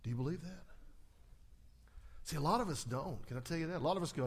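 A man's voice: on the high side, fast talker, slightly rough. A male pastor preaching a Sunday sermon, acting out quotes and asking his congregation questions.

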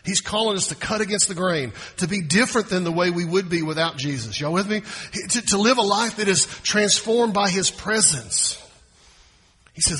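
A man's voice: sits high, lively intonation, moderate pace, sharp tone, breathy edge, in a large hall. A man preaching a sermon in a conversational, folksy way, often restarting his phrases. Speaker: pastor.

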